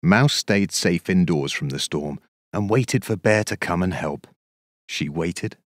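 A man narrating a children's storybook in an expressive, measured, sing-song way. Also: deep voice, dry recording, clean studio sound.

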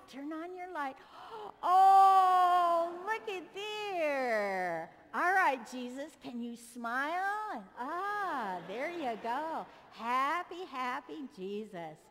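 A woman's voice: on the high side, a bit bright. A woman pastor giving a children's sermon in a church, cheerfully coaxing the kids as she directs them through a Bible story. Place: church sanctuary. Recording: long echo of a large church.

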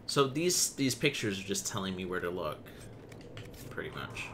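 A man's voice: low voice, very animated, normal speed, fairly bright tone, slight background noise. A young adult man streaming a game live, chatting casually, swearing freely and reading in-game notes aloud.

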